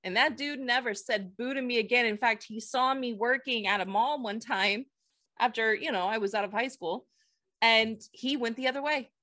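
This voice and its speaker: A woman co-hosting a casual chat, telling school stories in a blunt, animated way with casual swearing. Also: on the high side, moderate pace. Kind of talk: casual chat, personal storytelling.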